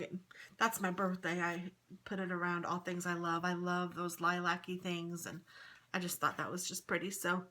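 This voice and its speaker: A woman's voice: on the low side, bright, forceful tone. A woman casually chatting through a flip-through of her craft planner, upbeat and rambling. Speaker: crafting vlogger.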